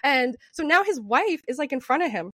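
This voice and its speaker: A young woman co-hosting a podcast, telling a story with animated, profane energy and acting out what people said. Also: high voice, brisk, no echo. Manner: animated, profane, acts out quotes in raised voice. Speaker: podcast co-host. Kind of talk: storytelling chat.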